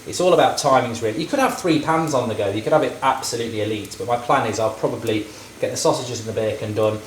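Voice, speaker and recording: A man's voice: mid-range voice, fast, roomy sound, a little hiss or hum. A man in his thirties cooking and chatting casually, rambling through jokey, opinionated rants, recorded in a home kitchen with frying sizzling behind. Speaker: vlogger cooking on camera. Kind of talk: casual chat while cooking.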